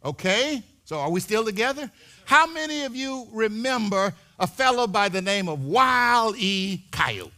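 A man preaching a sermon in a church, animated, building to shouts and repeating his words. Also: high voice, normal speed. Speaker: pastor.

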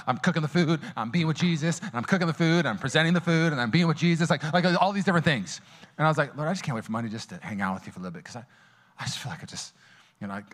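A man preaching a sermon, casual and storytelling, swinging between loud, high passages and quiet, intimate asides. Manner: casual, storytelling, many fillers and restarts. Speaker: pastor. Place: church auditorium.

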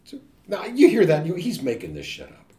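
A man giving a linguistics talk, animated and joking, often imitating sounds and voices. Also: a little high, fairly quick. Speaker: linguistics lecturer. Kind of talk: academic talk. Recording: echoey room.

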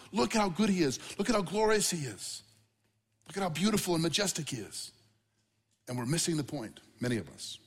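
A man preaching a sermon to a congregation, conversational and animated with asides and questions to the room. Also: high voice, big-room sound. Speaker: pastor.

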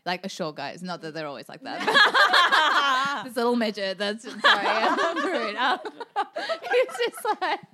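A young woman talks casually on a podcast. Her voice sits in a middle pitch, and she laughs often and swears freely. She slips into little voices when she quotes people. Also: wildly swooping pitch, moderate pace, bright, forceful tone. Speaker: podcast co-host. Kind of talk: casual chat.

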